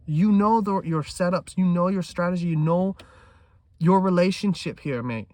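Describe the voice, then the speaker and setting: With a voice that sits high and a normal speed, a man vlogs about trading in an intense monologue. He swears freely and swings between loud emphasis and hushed talk, with no room sound.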